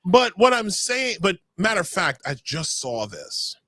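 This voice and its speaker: A man with a raised, bright and forceful voice hosts a political talk show. He talks slowly and emphatically, tripping over his words again and again. The sound is close and dry. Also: high-pitched, sing-song, dry recording. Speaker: podcast host.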